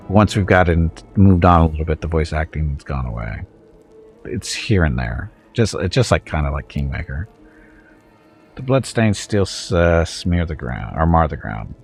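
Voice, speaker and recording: A man with a very low, gravelly voice plays through a game and chats casually with his viewers. His delivery is lively and full of pitch swings, with wry little asides along the way. Game music plays faintly underneath. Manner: wry, chatty, chuckling asides to chat. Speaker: game streamer. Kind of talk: casual let's-play commentary.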